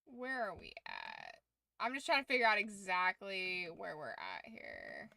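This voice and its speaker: Bright-voiced tired woman streamer. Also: on the low side, huge pitch swings, unhurried, gravelly, dry recording. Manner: chatty and rambling, swears casually. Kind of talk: casual livestream chat.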